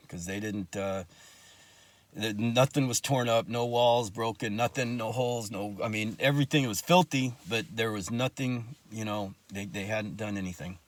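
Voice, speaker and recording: A man telling his own life story in casual talk, blunt and profane, with angry asides. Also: on the low side.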